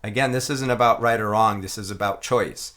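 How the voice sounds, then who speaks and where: Male instructor, lowish voice, thoughtful and easygoing, talks through technique step by step. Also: fairly quick. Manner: relaxed, reflective, chanting rhythm syllables aloud. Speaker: didgeridoo teacher. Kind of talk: explaining a playing technique.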